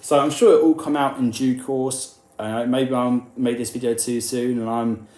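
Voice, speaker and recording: A man giving an opinionated rugby commentary, animated and indignant, sometimes mimicking the people he quotes. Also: mid-range voice, normal speed, echoey room.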